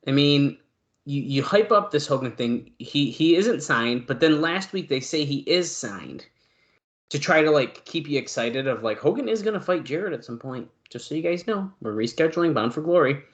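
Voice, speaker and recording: A man's voice: a little high, expressive, normal speed, dull audio. A man co-hosting a wrestling podcast in casual chat, rambling with lots of fillers and poking fun at himself. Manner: rambling, filler-heavy, self-deprecating. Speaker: podcast co-host.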